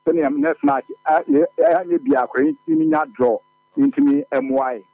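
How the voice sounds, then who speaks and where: A man's voice: a little high, moderate pace, dry recording, faint music behind. A man with a Ghanaian accent calling a sports radio show, giving opinionated match analysis over a dry, tinny phone line. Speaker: caller.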